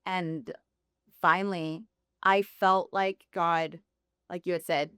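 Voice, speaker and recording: A woman's voice: lowish voice, steady tone, slow pace, bright, forceful tone, smooth, no room sound, clean studio sound. A woman sharing her personal faith testimony as a podcast guest, telling it candidly and laughing often.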